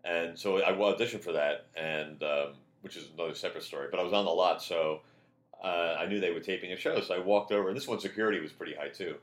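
Deep-voiced man telling rambling stories. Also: fast talker. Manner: rambling, animated, acts out quotes loudly. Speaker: podcast guest. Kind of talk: casual anecdotal storytelling. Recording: roomy echo.

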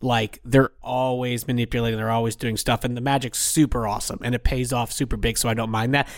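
A man of middle pitch telling a meandering story on a podcast, stumbling over starts and laughing along. His voice sits close to the mic in a dry space. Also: level tone, fast, dry recording. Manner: rambling storyteller with restarts, laughs often. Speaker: podcast co-host. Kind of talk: casual chat.

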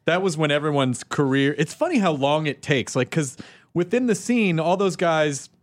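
Chatty man hosting, very lively pitch. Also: no echo. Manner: chatty, reacts with quick jokes. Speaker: podcast host. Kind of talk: casual interview chat.

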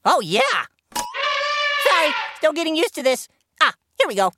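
A silly, cheerful cartoon cucumber fellow, as a voice actor plays him, with a high voice that leaps all over the place. He drawls his words slowly and teases with a giggle, hosting a kids' podcast with music playing behind. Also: huge pitch swings, heavy background noise, heavily acted. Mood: playful. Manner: jokey, teasing, giggly. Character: goofy cheerful male cucumber, playful and silly. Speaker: co-host.

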